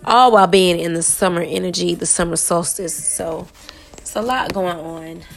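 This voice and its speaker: Hoarse young woman, gravelly and chatty, for a casual tarot podcast. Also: lowish voice, normal speed, faint music behind. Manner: chatty, addresses listeners with "okay?" and "y'all". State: hoarse, lost voice. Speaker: tarot reader and podcast host.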